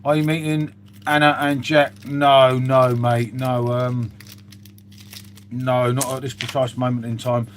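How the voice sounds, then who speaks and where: A man's voice: mid-range voice, flat delivery, a little slow, a little hiss or hum. A man chatting casually on a live stream, reading out viewer comments with lots of "mate" and "um".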